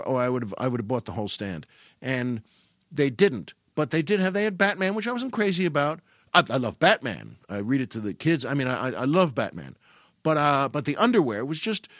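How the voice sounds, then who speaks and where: A man's voice: mid-range voice, no echo, studio quality. A middle-aged man telling a funny family story in casual monologue, self-mocking and full of restarts. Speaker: podcast host.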